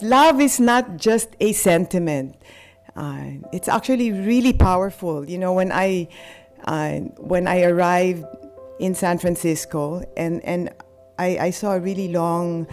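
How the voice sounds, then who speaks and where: A Filipino woman in her sixties gives an acceptance speech in a slightly low voice. She speaks earnestly and haltingly, pausing often and restarting her sentences. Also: darkish tone. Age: 60s. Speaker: award recipient.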